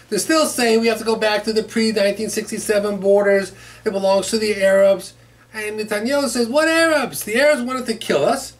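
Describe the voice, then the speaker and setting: A man teaching as rabbi in a weekly Torah class, telling stories in an animated way with frequent repetitions. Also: fairly high pitch, slight background noise. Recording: distant mic in a room.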